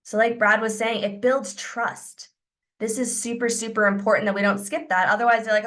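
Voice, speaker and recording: Energetic woman coaching a sales team. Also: a little high, normal speed. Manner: energetic, coaching, acts out sample lines. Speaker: sales trainer. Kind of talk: sales training class on a video call.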